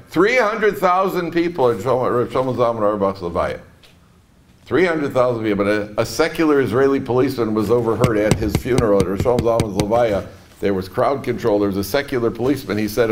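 Middle-aged male rabbi, witty lecturer, mid-pitched voice, drops low then jumps high for punchlines. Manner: lively storytelling, swings from soft asides to emphatic peaks. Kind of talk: humorous Torah lecture.

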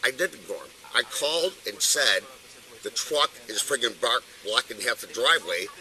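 An older man talks outdoors, agitated and swearing as he explains himself to police. His voice is sharp and very bright. It is captured by a body camera on the street. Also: mid-range voice, animated, moderate pace. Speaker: bystander in police dispute. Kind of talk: heated street argument.

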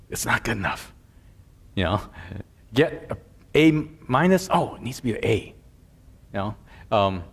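A middle-aged man preaching a sermon as a pastor, in a conversational way with frequent asides to the congregation. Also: deep voice.

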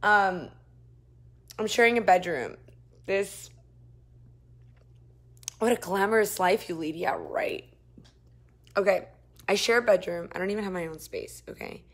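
Streaming from her phone in a shared apartment, a young woman feels nauseous as she chats casually with viewers and reads their comments. Her voice lurches between sudden loud bursts and low, tired murmurs. She talks unhurriedly and pauses often.

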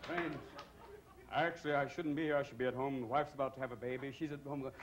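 A man's voice: medium pitch, fairly even intonation, fast talker, highs cut off, noisy background. A man doing a manic stand-up routine on a comedy club stage, jumping between voices.

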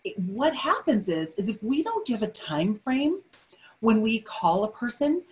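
A middle-aged woman giving a motivational webinar talk, energetic and emphatic, often repeating her key phrases. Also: on the high side, measured pace, rough recording. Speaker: webinar speaker.

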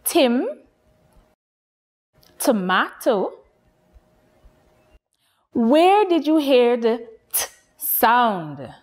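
Slow, lively-voiced nursery teacher woman. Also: a little high. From Guyana. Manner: slow, lilting, encouraging teacher voice addressing children. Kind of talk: children's phonics lesson.

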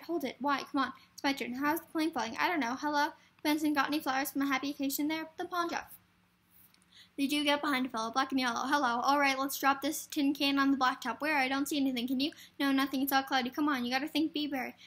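A woman's voice: high voice, fairly even intonation, fast talker, fairly bright tone. A woman reading a film script aloud for a variety show, hurrying through with stumbles and restarts.

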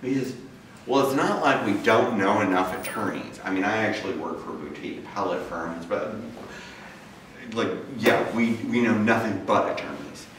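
A man with a fairly low voice speaks to a live audience in a casual storytelling style, slipping into quoted voices as he recounts events. He sounds distant from the microphone in a very echoey lecture room with faint background noise. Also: lively intonation, normal speed, a bit bright. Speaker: guest speaker. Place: large campus lecture room.

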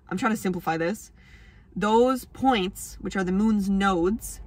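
Young adult woman, chatty astrology vlogger, mid-pitched, loose and self-deprecating with casual swearing. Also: takes it slowly, dry recording. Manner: rambling, self-mocking, laughs often, swears casually. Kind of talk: casual astrology talk to camera.

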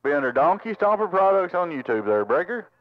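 This CB radio operator, a Tennessee man, drawls amiable greetings and farewells in a Southern American accent. His high voice is sing-song and a little fast, and the radio audio is tinny with loud static.

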